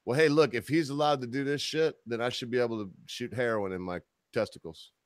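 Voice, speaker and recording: A man's voice: mid-range voice, brisk, no room sound, clean studio sound. A man co-hosting a casual podcast, bantering in a crude, mocking, joking way. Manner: profane, mocking, jokey.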